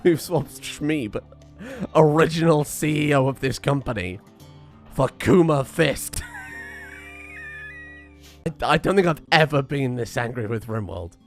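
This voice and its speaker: A man's voice: mid-range voice, animated, measured pace, long pauses, soft background music. A man doing video game commentary, rambling and exasperated, talking nonstop. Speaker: let's play host.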